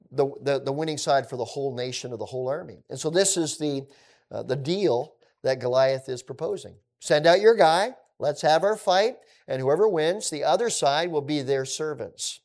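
A man teaching through a scripture passage in a conversational way, with relaxed asides. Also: fairly high pitch.

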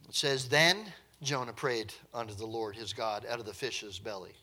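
A man's voice: fairly low pitch, moderate pace, pushed and bright, husky. A man preaching a sermon in a conversational, emphatic way, with light chuckles now and then.

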